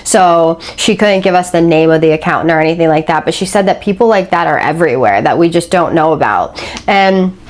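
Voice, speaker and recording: A woman's voice: low-pitched, a little fast. A woman casually retelling someone else's story, chatty, with many fillers, acting out the quoted speech.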